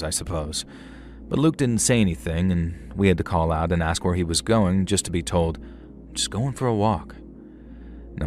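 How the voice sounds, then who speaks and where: A man narrating a scripted creepy story, wry and conversational, in a measured way. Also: sits low, a little hiss or hum.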